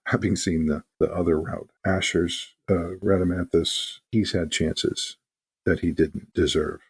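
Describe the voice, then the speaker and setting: A man's voice: deep voice, a little hiss or hum. A man talking casually as an interview guest and game master, telling stories animatedly and acting out quotes. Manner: animated storyteller, acts out quotes.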